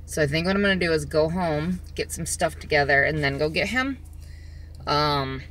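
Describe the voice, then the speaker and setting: A woman chatting casually in a vlog, rambling along with lots of filler pauses, filming herself on a phone outdoors. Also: sits low, bright, forceful tone, slight background noise. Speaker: vlogger. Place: outdoors in the sun.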